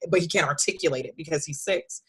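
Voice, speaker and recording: A woman in her thirties, a podcast guest, talking candidly about raising her son, animated and leaping high when she quotes him. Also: quick pace, breathy edge. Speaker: podcast guest, author and speaker. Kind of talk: candid conversational storytelling.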